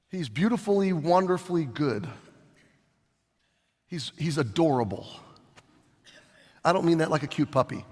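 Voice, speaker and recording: A middle-aged male pastor preaching a sermon, animated, swinging between loud and soft as he acts out scenes. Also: sits high. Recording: long hall reverb.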